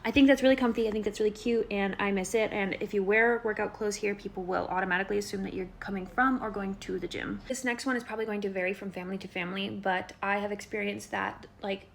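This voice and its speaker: A young woman from Colorado rambles through a casual vlog at a middling pitch, leaning on "like" as she goes. She slips into playful impressions when quoting others. Faint background hiss sits under her voice. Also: fairly even intonation, quick pace, vocal fry, few pauses. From Colorado, United States. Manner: chatty, heavy use of "like", acts out quoted people in higher voices. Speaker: vlogger. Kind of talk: casual talking-to-camera vlog.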